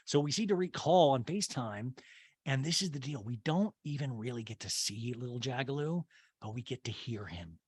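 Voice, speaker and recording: A man's voice: medium pitch, lively intonation, normal speed, darkish tone, slightly rough, no echo. A man hosting a comedy podcast, recapping a reality show in a rambling, profane, joking way. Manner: rambling, profane, jokey asides and impressions. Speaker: podcast host.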